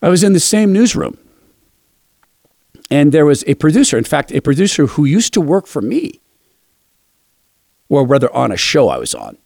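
A man's voice: fairly high pitch, huge pitch swings, normal speed, creaky, long pauses, a little mellow, no echo, studio quality. A man giving sarcastic, mocking political opinion commentary. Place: Seattle area.

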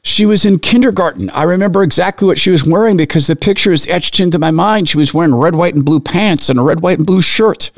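A middle-aged man speaks at a middle pitch that swings widely as he tells a heartfelt story. He pauses and restarts as he searches for words. The sound is dry and close to the mic. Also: no room sound. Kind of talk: personal storytelling commentary.

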